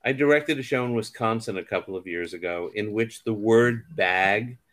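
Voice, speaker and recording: A man's voice: fairly low pitch, normal speed, a bit bright. A man in his fifties, a theater director, chatting casually and telling anecdotes as a guest. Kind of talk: casual conversation.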